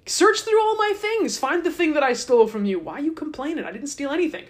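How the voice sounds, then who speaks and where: A woman's voice: high-pitched, animated, quick pace, pitched above the performer's own voice. A woman doing an exasperated, defensive young man.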